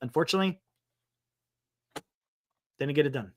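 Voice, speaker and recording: Animated man reading and riffing. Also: fairly high pitch. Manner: breaks off reading for quick excited asides. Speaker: sports talk show host. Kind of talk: livestream sports talk, reading an article aloud. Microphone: streaming setup microphone.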